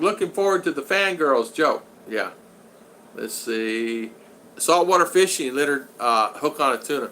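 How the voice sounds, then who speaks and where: Bright-voiced man hosting a live chat. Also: a little high, a little hiss or hum. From United States. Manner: chatty, greets viewers by name, reads chat aloud. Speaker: vlogger hosting a live stream. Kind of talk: casual live-chat talk.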